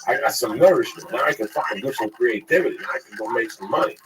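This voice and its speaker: A man's voice: medium pitch, fast talker, fairly bright tone, recorded from a distance. A man in casual profane chat, telling blunt stories with acted quotes about hustling. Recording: noisy recording.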